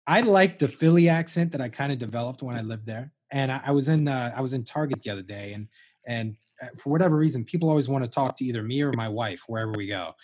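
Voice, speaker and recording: Husky-voiced young man hosting a chat. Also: mid-range voice, quick pace, darkish tone. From outside Washington D.C. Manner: easygoing, laughs often. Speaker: podcast host. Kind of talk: conversational interview.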